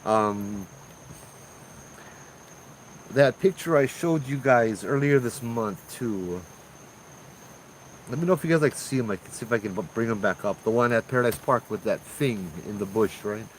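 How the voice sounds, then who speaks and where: A man's voice: lowish voice, normal speed, long pauses, slight background noise, low-quality recording. A man with a Hawaiian accent hosting a show, telling ghost stories in a laid-back, slangy way. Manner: laid-back, slangy, calls listeners bro. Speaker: host. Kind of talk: casual ghost storytelling.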